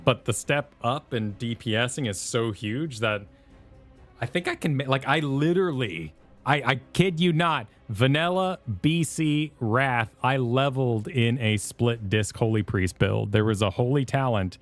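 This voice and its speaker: A man's voice: medium pitch, unhurried. Guy chatting while gaming on stream, laughs a lot, faint game music. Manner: animated, laughing, self-interrupting. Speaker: streamer co-host. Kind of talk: casual gaming chat.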